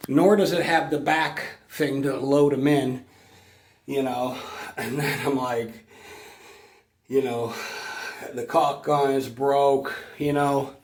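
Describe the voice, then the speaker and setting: A man vlogging casually about his exterminator job, rambling and swearing, filling every pause with "you know", overheated and sweaty from the heat. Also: medium pitch, a little mellow. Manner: rambling, profane, says "you know" constantly.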